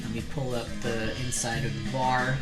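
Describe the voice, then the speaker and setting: A man's voice: medium pitch, flat delivery, moderate pace. A man narrating as game master in a casual, rambling way, with lots of fillers. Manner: loose, filler-heavy narration. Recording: echoey room with background music.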